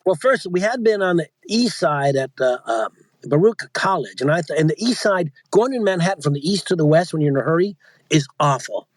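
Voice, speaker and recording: Chatty man with a rambling, higher voice. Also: lively intonation, fairly quick, no room sound. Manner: rambling, self-interrupting, chatty. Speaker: audiobook narrator and coach, guest. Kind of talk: casual interview chat.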